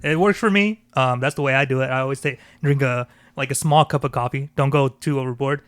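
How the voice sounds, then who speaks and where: A man co-hosting a podcast in casual chat, relaxed and rambling with many fillers. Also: medium pitch, a little fast, clear, resonant tone, no echo. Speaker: podcast co-host.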